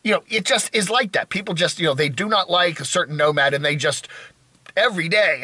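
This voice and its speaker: Bright-voiced rambling American YouTuber man. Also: sits high, animated, a little fast, slightly rough, dry recording. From United States. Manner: rambling, self-deprecating, restarts. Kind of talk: rambling solo talk.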